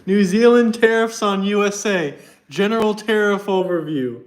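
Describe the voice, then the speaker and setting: Speaking at normal speed in a high voice, a streamer rants at his chat. He argues combatively and mockingly, reading text out loud to back up his point.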